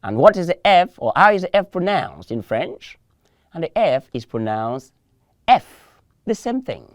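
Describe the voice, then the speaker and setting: A woman leads a televised French lesson in a low, animated voice whose pitch swings widely. She drills each word over and over and gently corrects learners who say it wrong. The sound is dry and close. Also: a little slow. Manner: patient drilling, repeats words for learners to echo; encouraging, gently corrects mispronunciations. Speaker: French teacher.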